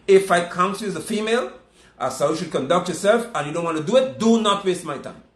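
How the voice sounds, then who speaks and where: Emphatic preacher man, lively pitch. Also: fast, reverberant. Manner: emphatic, repetitive, scolding. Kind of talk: sermon.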